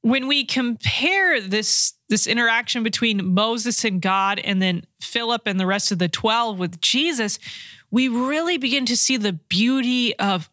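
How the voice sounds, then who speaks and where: A woman's voice: mid-range voice, fairly bright tone, no echo, clean studio sound. A woman teaching on a Bible passage, reading the verses aloud and then reflecting on them. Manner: reflective, reads scripture aloud and unpacks it. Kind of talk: scripture reflection talk.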